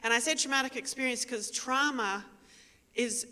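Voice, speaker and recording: A woman giving a personal storytelling talk on stage, animated and self-mocking, speaking straight to the audience through a microphone. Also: on the high side, normal speed. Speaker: invited speaker. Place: large performing arts hall. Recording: long reverb of a large hall.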